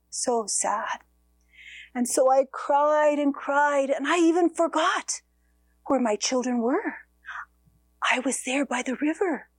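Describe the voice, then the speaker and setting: A woman telling a story in the first person as a weeping ghost mother who lost her children, in a slow, sorrowful manner with sighs and soft whispers. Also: a little high, slightly rough, dry recording.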